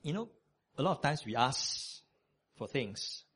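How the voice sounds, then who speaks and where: A man preaching a sermon, conversational and animated, with many fillers. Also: medium pitch, measured pace, slightly rough.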